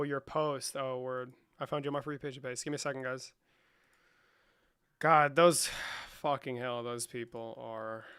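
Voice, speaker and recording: A man hosting a livestream in a casual, profane, slangy manner, saying "bro" a lot and swinging between low muttering and loud outbursts. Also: smooth, dry recording, studio quality. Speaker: livestream host.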